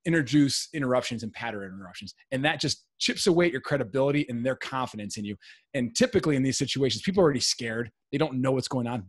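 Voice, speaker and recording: A man who is a podcast guest, a real estate investor and longtime salesperson, explaining in a steady, businesslike way in casual interview talk. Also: medium pitch, no echo, studio quality.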